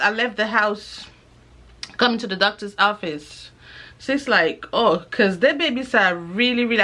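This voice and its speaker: Speaking in a fairly high pitch, a young female vlogger relates a personal story with casual energy. She imitates the people whose words she quotes.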